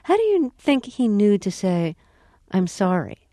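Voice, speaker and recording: A woman host asking interview questions in a measured, gentle way. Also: medium pitch, sing-song, dry recording, clean studio sound.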